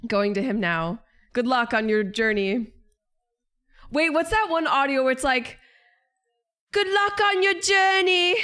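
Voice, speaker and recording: A woman's voice: on the high side, fairly bright tone. A young woman streamer chatting casually and jokingly, answering her chat.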